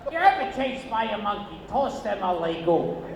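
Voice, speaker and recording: A man performing a stand-up comedy set on a casino stage, with shrill, abrupt outbursts and deadpan asides. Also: normal speed. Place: casino stage, live audience. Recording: echoey, noisy audience bootleg.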